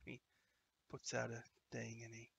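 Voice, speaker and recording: A man's voice: mid-range voice, completely flat delivery, measured pace, vocal fry, fairly bright tone, muffled recording, slight background noise. A man in a laid-back, chatty way, narrating a tabletop game as game master.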